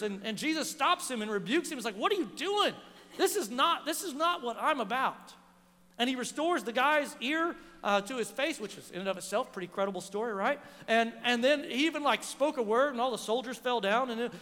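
A man preaches a sermon in a high, bright voice, telling a story and acting out the people in it. His voice rings out through a hall with a long reverb. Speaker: pastor.

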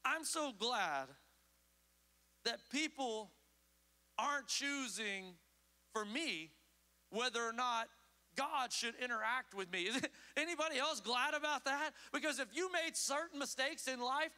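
A man preaching a sermon as pastor, emphatic, swinging between loud urgent calls and low hushed asides. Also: a little slow, pauses often. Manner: emphatic preaching with sweeping pitch swings and acted quotes. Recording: long hall reverb.

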